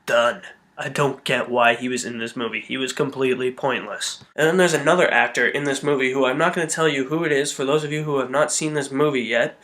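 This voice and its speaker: A man's voice: medium pitch, bright, forceful tone. A man giving a blunt, opinionated movie review in a casual manner, swearing now and then. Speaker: film reviewer.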